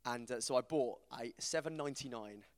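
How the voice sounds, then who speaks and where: A man, giving an informal, self-deprecating talk to a church group, animated as he tells stories. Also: mid-range voice, brisk. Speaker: preacher. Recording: reverberant hall.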